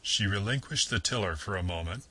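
A man giving a measured, formal scripted lecture on literature. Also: on the low side, sharp tone, breathy edge, low-quality recording.

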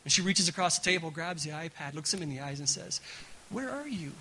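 Bright-voiced, animated male preacher. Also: fairly high pitch, fast, slight background noise, low-quality recording. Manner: animated, repeats words, keeps asking "right?". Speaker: guest pastor. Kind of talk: sermon. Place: church gathering.

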